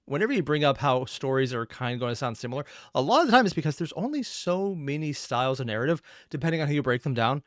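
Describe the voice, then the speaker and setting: A man's voice: medium pitch, big pitch swings, fast, few pauses, fairly bright tone, no echo, clean studio sound. A man giving casual reaction commentary, rambling and opinionated with self-deprecating asides. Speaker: reaction streamer.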